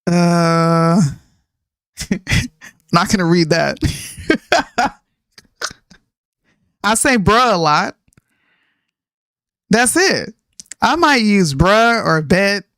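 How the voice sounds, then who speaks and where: A woman in her thirties, a podcast co-host, chatting casually and ranting in an animated way, mixing in slang and laughs. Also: medium pitch, drawn-out words, pauses often, no room sound, clean studio sound. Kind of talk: casual chat.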